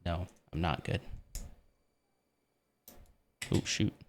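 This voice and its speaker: A man's voice: low-pitched, level tone, normal speed, gravelly, slight background noise. A man livestreaming as he builds a Lego set, chatting casually and laughing often at himself.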